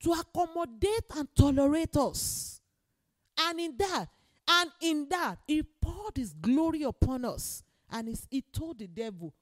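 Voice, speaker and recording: A woman preaches in a high voice that swings widely in pitch. She is emphatic and repeats her key phrases. She often climbs into loud exclamations. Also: lively intonation, unhurried. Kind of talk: sermon.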